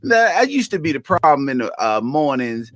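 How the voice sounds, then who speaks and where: A man's voice: mid-range voice, sing-song, normal speed, no room sound. A man co-hosting a casual sports podcast, joking around and roasting his co-host.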